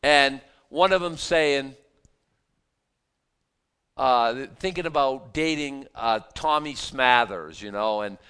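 A man's voice: mid-range voice, slow, long pauses, a bit bright, clean tone. A man teaching a sermon on a Bible passage in a conversational way, often repeating words as he goes.

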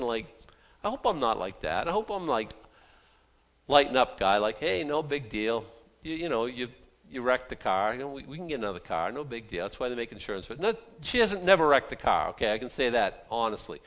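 A male pastor preaching a sermon in a conversational, self-deprecating way, often restarting his sentences. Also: mid-range voice.

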